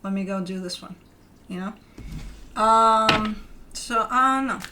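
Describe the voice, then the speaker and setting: A young woman reads tarot cards in a loose, conversational way. She rambles and restarts often, filling pauses with little ums. Her voice sits at an ordinary middle pitch for a woman. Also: sharp tone. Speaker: tarot reader. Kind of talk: casual spoken tarot reading.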